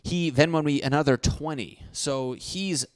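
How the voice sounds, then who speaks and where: A man's voice: on the high side, unhurried, no room sound, clean studio sound. A young man hosting a solo podcast, ranting comically with profanity and mocking voices for other people. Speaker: podcast host. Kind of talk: solo comedic rant.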